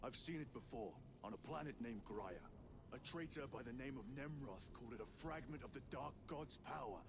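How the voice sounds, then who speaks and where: Male actor as a stern armored warrior in a game cutscene, measured command, noisy mix. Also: medium pitch, creaky, natural voice. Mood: urgent. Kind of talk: video game cutscene dialogue. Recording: game audio with loud background noise.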